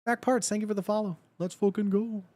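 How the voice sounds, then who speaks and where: A man's voice: high voice, fairly even intonation, brisk, a little mellow, no echo. A man in his thirties chatting casually on a livestream, blunt and profane, and laughing often.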